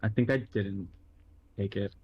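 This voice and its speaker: A man's voice: fairly low pitch, steady tone, measured pace, breathy edge, no echo, lo-fi sound. A man playing a tabletop game, joking and blunt about his character's actions. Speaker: player. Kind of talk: casual tabletop play.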